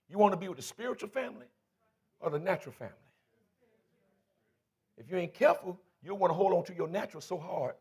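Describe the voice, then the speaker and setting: Gravelly high-voiced preacher shouting praise. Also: male voice. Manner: builds from low teaching to shouted praise. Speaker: bishop preaching. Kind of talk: call-and-response sermon. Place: church before a congregation.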